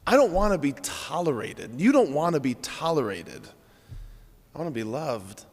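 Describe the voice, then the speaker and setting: A man's voice: on the high side, sing-song, normal speed, long reverb tail. A man, a Catholic priest, giving an earnest, conversational homily in a church.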